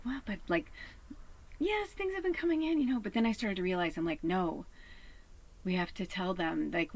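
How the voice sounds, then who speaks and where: A woman with a lowish voice gives a casual spiritual reading from her tiny home RV. She talks in a chatty, earnest way, swears casually, and sometimes sinks to a hush. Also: low-quality recording. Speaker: spiritual reader. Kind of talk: casual collective tarot reading.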